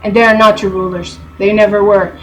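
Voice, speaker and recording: A woman's voice: mid-range voice, little pitch movement, fairly quick, slight background noise, low-quality recording. A woman teaching from scripture in a video, reading verses aloud and commenting on them emphatically. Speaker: bible teacher.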